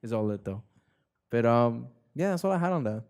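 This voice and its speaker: A man's voice: mid-range voice, lively intonation, brisk, darkish tone, clear, resonant tone. Slangy rambling young man host. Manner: rambling, slangy, repeats himself. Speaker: podcast host. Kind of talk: casual chat.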